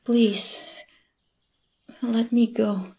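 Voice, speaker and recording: A woman voice actor playing a guarded, lonely young woman in an audio role-play, talking softly and hesitantly with frequent stammers. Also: a little high, fairly even intonation, very slow. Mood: resisting. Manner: hesitant, stammering, soft-spoken.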